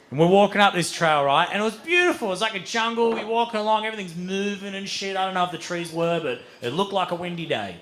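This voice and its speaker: A young man doing stand-up, telling a wild story with lots of swearing and sudden loud acted-out outbursts. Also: a little high, brisk, few pauses, slight background noise. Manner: animated, swears freely, acts out voices with loud outbursts. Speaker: stand-up comedian. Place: comedy venue stage with audience.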